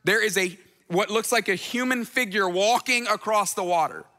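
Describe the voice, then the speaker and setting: A man's voice: high voice, normal speed, bright, forceful tone, long reverb tail. A man preaching a sermon as pastor, in a conversational style that slips into playful voices when quoting people.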